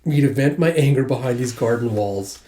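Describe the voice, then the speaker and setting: A composed noble lady, calm and measured, with a dark, mellow tone, as a man reads her lines aloud. The voice echoes a little in a roomy space. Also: medium pitch, close to an everyday voice. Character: composed noblewoman, mother of a lord. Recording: echoey room.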